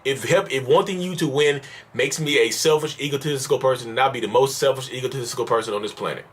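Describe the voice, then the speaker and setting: A man's voice: medium pitch, fast, fairly bright tone, slightly rough. A man ranting in an exasperated, repetitive, pleading way at his viewers in a vlog monologue, calling them y'all. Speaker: mental health vlogger.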